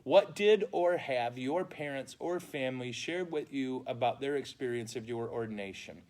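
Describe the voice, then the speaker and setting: A priest speaking at normal speed in a mid-range voice tells funny stories during a casual catechesis talk. His manner is animated and comic, with mock outrage, and he's live-streaming from indoors at a funeral home.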